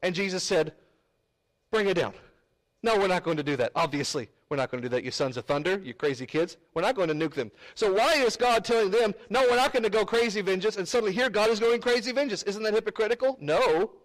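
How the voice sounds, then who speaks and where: A man's voice: high voice, expressive, quick pace, few pauses, rough recording. A man teaching a verse-by-verse Bible study, emphatic and rhetorical, repeating phrases for effect.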